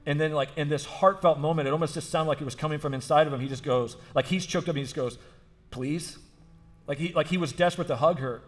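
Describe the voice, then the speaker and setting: Man, pastor, sermon, earnest, emphatic repetition, somewhat high-pitched. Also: steady tone, rapid-fire, hardly any pauses. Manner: earnest storytelling, repeating phrases for emphasis; frequent restarts and fillers like "like".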